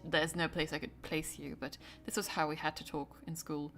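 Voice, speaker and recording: A young woman streamer chatting casually with her viewers, laughing often and trailing into quick asides. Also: sits low, little pitch movement, fairly bright tone, faint music behind.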